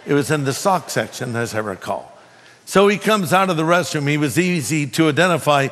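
A man preaching to a congregation in a fairly high voice that carries a long hall echo. He tells stories with animated swings in pitch and acts out the other person's lines. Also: a little fast. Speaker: pastor. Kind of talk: sermon with storytelling.

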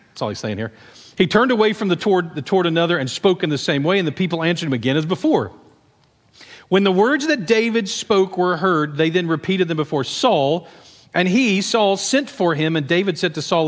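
A man preaching a sermon, telling the story in a conversational, animated way with asides to the congregation. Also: high voice, brisk, in a large hall. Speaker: pastor.

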